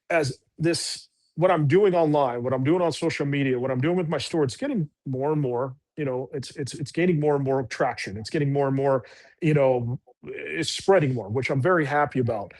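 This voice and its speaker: A man's voice: fairly high pitch, fairly quick, darkish tone. A man, a military veteran guest, telling stories in a casual interview, earnest and rambling with many fillers and restarts.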